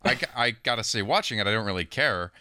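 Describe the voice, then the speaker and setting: A man speaking as a podcast guest in casual film discussion, measured and posing questions to the group. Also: fairly low pitch, lively intonation, bright, forceful tone.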